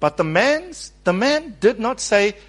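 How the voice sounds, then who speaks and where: A man preaches a sermon with a somewhat high voice that swings widely. He leans hard on key words and calls on the congregation to say words back to him. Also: sing-song, a little slow, a bit bright. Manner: stresses words and acts out quoted speech.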